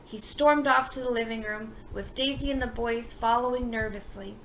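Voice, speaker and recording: A woman reading a picture book aloud in a lively, expressive manner. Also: a little high, moderate pace, a little hiss or hum, rough recording. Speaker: storybook reader.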